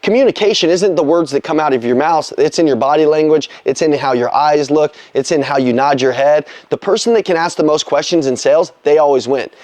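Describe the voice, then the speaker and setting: A man's voice: on the high side, brisk, few pauses, darkish tone, dry recording. A man giving a blunt, slangy motivational talk as a sales coach, pushing hard with emphatic repetition.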